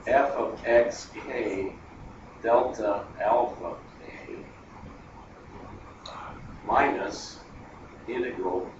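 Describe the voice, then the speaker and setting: A man's voice: mid-range voice, very slow, pauses often. A man giving a math lecture at a board, chatty and digressive, thinking aloud as he goes. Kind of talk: classroom lecture. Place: classroom. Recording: echoey classroom, distant lo-fi mic, noisy.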